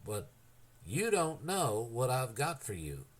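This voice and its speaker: A man's voice: medium pitch, huge pitch swings, slow, full character voice. A man reading an audiobook, voicing a grown older brother in a coaxing manner. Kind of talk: audiobook character voice.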